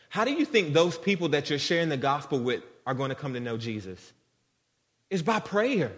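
A man's voice: on the high side, sing-song, normal speed, fairly bright tone. Man, sermon, earnest, conversational, talks straight to the congregation, long hall echo. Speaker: guest preacher. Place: church sanctuary.

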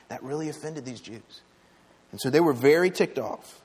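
A man's voice: mid-range voice, fairly quick, darkish tone, breathy edge, big-room sound. A man preaching a sermon in a church, with a conversational, emphatic delivery and frequent rhetorical questions to the congregation. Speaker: pastor. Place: church sanctuary.

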